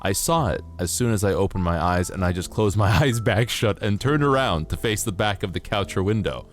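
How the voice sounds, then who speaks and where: Male streamer, lower register, casual and jokey, reads stories aloud and riffs on them. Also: lively intonation, brisk, soft background music. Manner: joking, playful, swears casually, laughs at himself. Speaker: livestreamer. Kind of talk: casual livestream chat, reading out stories.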